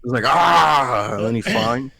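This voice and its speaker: A man's voice: lowish voice, normal speed, no room sound. Profane rambling podcast guy from Alabama. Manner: profane, rambling storyteller who acts out quotes. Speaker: podcast co-host. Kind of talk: casual chat.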